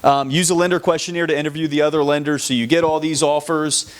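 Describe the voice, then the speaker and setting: A man's voice: on the high side, fast talker. A man with a Southern American accent giving plain, practical tips on selling homes. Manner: plain, steady, practical, a few restarts. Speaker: real estate agent co-presenter. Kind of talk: instructional talk.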